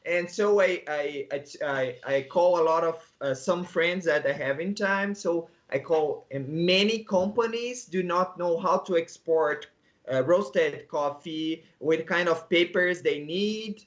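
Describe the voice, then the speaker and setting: Brazilian man in halting English. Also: a little high, highs cut off. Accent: Brazilian Portuguese. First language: Portuguese. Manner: halting non-native English with frequent restarts and soft laughs. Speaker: guest, coffee agronomist. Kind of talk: casual interview talk.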